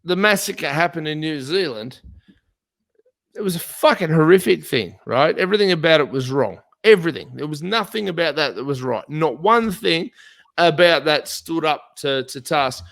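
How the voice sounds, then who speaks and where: A man's voice: on the high side, lively intonation, moderate pace, gravelly, a bit bright. An Australian man from a small country town, ranting profanely in a casual political chat. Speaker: podcast host.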